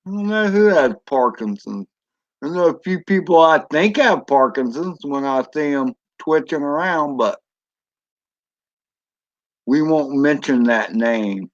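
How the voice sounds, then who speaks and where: A man's voice: on the high side, lively intonation, a little slow, muffled recording. A man chatting casually on a drone hobby live stream, rambling and answering viewers as he goes. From Florida. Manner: rambling, chatty, reads chat aloud.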